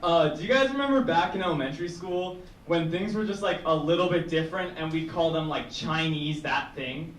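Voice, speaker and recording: A man's voice: fairly high pitch, fairly quick, slight background noise. A young man doing a stand-up set, rambling and chuckling at his own jokes. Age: young adult. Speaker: stand-up comedian. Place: small indoor comedy room with audience. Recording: echoey room mic from far off. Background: audience laughter.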